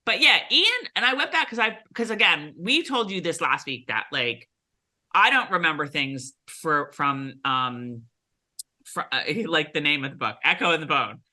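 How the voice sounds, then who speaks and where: Chatty woman co-host, low voice. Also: expressive, moderate pace, sharp tone. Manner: chatty, many fillers and restarts. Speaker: podcast co-host. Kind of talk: casual recap chat.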